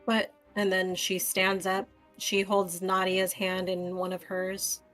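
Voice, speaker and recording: A woman's voice: mid-range voice, monotone, slow, a bit bright, soft background music. Emotional, stammering woman player. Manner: emotional, urgent, stammering in character. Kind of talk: playing a character in a tabletop game.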